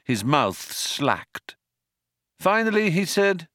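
A man narrating a comic story in a dry, measured storytelling manner. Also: mid-range voice, wildly swooping pitch, a bit bright, no room sound. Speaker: audiobook narrator. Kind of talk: scripted narration.

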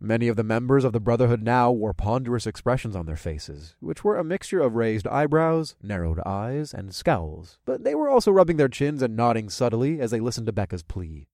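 A man's voice: medium pitch, very animated, brisk, hardly any pauses, darkish tone, no echo. A man narrates a first-person audiobook, his mid-range voice moving animatedly through the story. The sound is close and dry.

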